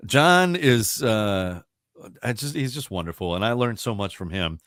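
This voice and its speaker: A man from the Baltimore area, a radio broadcaster telling stories in a casual interview, chatty and quick to laugh. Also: lowish voice, animated, a bit bright, no room sound, clean studio sound. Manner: chatty storyteller, laughs often, many restarts.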